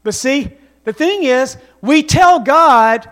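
A man's voice: extremely high pitch, expressive, takes it slowly, hardly any pauses, a bit bright. A man preaching a sermon as pastor, telling stories with emphasis and calling on the congregation to respond.

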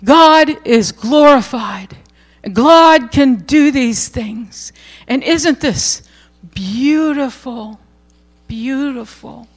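High-voiced woman preaching a story. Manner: earnest, acts out quoted voices softly. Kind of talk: sermon storytelling.

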